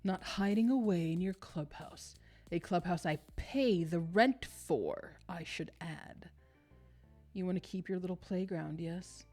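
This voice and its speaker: A woman with a fairly low, mellow voice reads at a measured pace over soft background music. She voices a domineering, passive-aggressive middle-aged father from a game, lecturing in a condescending tone.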